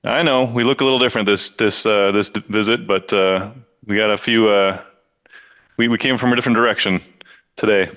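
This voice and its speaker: A man's voice: lowish voice, fairly even intonation, a little fast, fairly bright tone. A man playing a tabletop game, easygoing and thinking aloud about the rules. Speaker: player.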